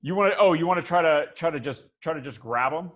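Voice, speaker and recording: A man's voice: a little high, animated, fast, muffled recording. A man running a tabletop game as dungeon master, rambling with frequent restarts and laughter.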